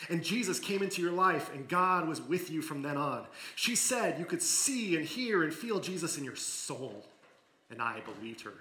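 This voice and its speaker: A man gives a sermon, reading a story aloud with feeling. His voice is bright and a little high, and it drops to a near hush in the quiet parts. The sound carries an echo from the room. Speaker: preacher. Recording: echoey room.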